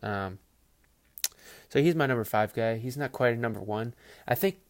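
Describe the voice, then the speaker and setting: On his football podcast, a male host gives casual commentary in a meandering, profane style, acting out players in lively asides. His voice is mid-range, his speed normal, and the recording dry.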